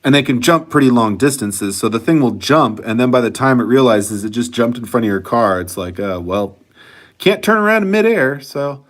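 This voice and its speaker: This channel host chats loosely in a vlog, going through viewer comments and swearing freely as he wanders from point to point, sounding profane and easygoing. He has a medium pitch and moderate pace, and rarely pauses.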